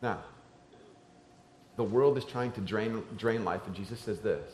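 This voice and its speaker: A man preaching a sermon to a church crowd, talking like a conversation and moving between hushed and emphatic passages. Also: lowish voice, a little slow, pauses often, a little hiss or hum. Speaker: pastor. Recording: roomy church echo.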